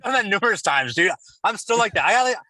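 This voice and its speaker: A man guesting on a podcast, talking in a profane, excitable way. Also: high-pitched, no echo. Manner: fast, profane, excitable talk. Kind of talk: casual chat.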